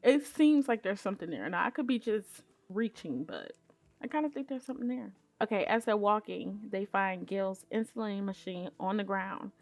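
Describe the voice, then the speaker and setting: A woman giving casual recap commentary on a show, sassy and candid, with colloquial phrasing and sudden jumps in pitch when she quotes people. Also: animated, moderate pace. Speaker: YouTube commentator.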